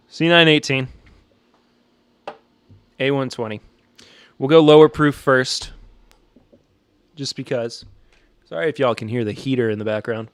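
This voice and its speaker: A man's voice: medium pitch, slow, long pauses, smooth, dry recording. A man with a Southern American accent hosting a podcast, chatting casually and joking while reacting to a live chat. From Southern United States. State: a little stressed. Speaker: podcast host.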